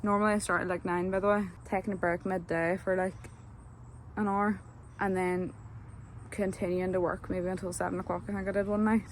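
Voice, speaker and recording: A woman's voice: medium pitch, level tone, a little fast, a little hiss or hum. A young woman, telling a casual, rambling vlog story full of fillers. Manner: chatty, rambling, lots of fillers. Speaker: vlogger.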